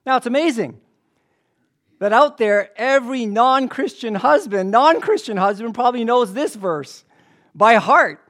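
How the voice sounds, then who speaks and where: A man with a high voice preaches a lively sermon. He talks in an animated way and banters with the congregation between points. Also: a little slow. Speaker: pastor.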